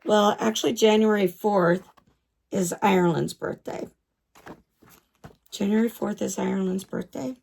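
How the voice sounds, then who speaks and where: A woman's voice: medium pitch, steady tone, moderate pace, creaky, long pauses, a little mellow. A woman vlogging in a casual chat about her doll collection, gushing, repeating herself and stumbling over names.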